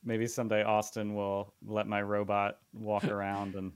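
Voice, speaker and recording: A man co-hosting a podcast in casual chat, relaxed and thinking aloud with lots of fillers. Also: fairly low pitch, moderate pace, clean tone, no room sound. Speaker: podcast co-host.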